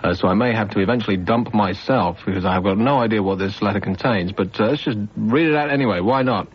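A man hosting a late-night radio phone-in with sarcastic, quick-witted banter. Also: on the low side, husky. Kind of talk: casual chat. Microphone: studio microphone. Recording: dull, muffled radio broadcast.

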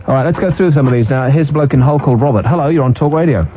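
A man hosting a late-night radio phone-in, teasing his callers and co-host with quick jokes. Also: medium pitch, a little hiss or hum. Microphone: studio microphone. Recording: dull radio broadcast sound.

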